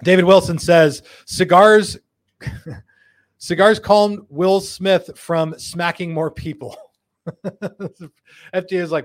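Hosting a live show, this man works through viewer comments one by one, riffing on each with jokes. His voice is slightly high for a man, laughter comes often, and he puts on quick voices for quotes.

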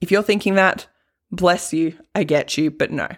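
A woman coach chats her way through a casual podcast monologue, laughing easily and peppering her talk with "like". Her voice sits a touch low for a woman. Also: normal speed. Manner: chatty, laughs often, many "like" fillers.

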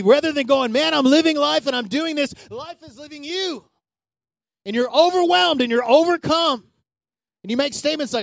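A man preaching a sermon as pastor, swinging from loud calls to hushed asides. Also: extremely high pitch, a little fast, creaky, no echo.

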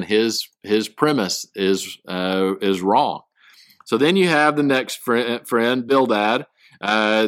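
A man teaching a Bible study, reading verses aloud and then explaining them in halting, casual speech full of restarts. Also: mid-range voice, a bit bright, no room sound.

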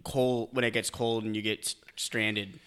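A man casually co-hosting a podcast, trading deadpan jokes with lots of hesitant fillers. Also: on the low side, unhurried, clean tone. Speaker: podcast co-host. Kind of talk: casual chat.

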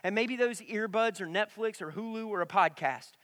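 A young adult man preaching a sermon in a church, telling stories with animation and swinging from loud to hushed. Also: sits high, moderate pace. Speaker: pastor.

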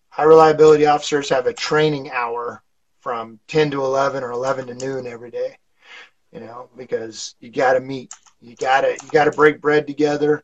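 A man's voice: on the high side, highs cut off. A man being interviewed on a casual podcast, telling stories in a rambling way with lots of fillers and chuckles. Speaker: podcast guest, fire instructor.

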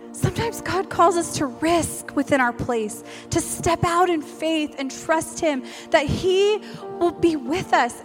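A woman with a high voice delivers a heartfelt sermon, weaving personal stories into her message. She repeats her key lines for emphasis, and soft music plays quietly behind her. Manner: acts out quoted voices in storytelling. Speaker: preacher and realtor.

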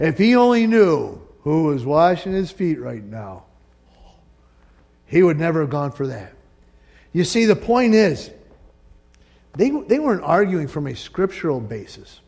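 A male pastor preaching a sermon, animated and joking, acting out quotes from the story and the congregation. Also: on the high side, measured pace, creaky, pauses often, in a large hall. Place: church sanctuary.

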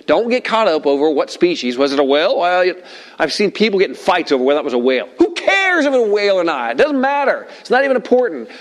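A man's voice: sits high, very animated, quick pace. A male pastor preaching a sermon, emphatic and playful, with joking asides and repeated phrases.

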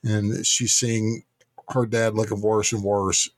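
A man's voice: lowish voice, flat delivery, slow, no echo. A man co-hosting a podcast, chatting casually and thinking aloud. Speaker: podcast co-host. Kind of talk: casual chat.

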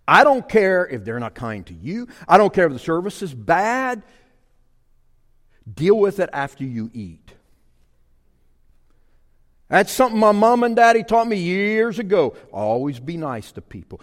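Folksy preacher in a reverberant hall. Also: male voice, high-pitched, measured pace, pauses often. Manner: folksy, animated storytelling with sudden loud bursts. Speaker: pastor. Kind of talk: sermon with personal story.

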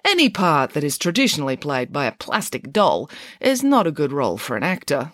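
Storybook pig nanny, a woman doing the voice, bossy, grand, indignant, very lively pitch, dry sound. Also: a little fast, no room sound.

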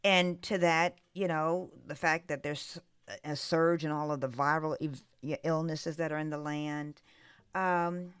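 A woman hosting a podcast, telling a personal story in an animated way and chuckling now and then. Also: deep voice, measured pace, clear, resonant tone, no room sound, clean studio sound. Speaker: podcast host. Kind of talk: conversational podcast monologue.

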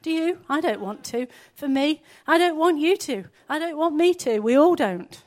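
High-voiced woman preaching. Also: lively intonation, moderate pace, few pauses, a little mellow. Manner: earnest, conversational preaching with rhetorical questions. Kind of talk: sermon.

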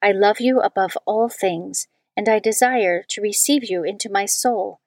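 Woman reader, solemn liturgical reading, mid pitch, dead-dry studio sound. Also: moderate pace, no echo. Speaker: scripture reader.

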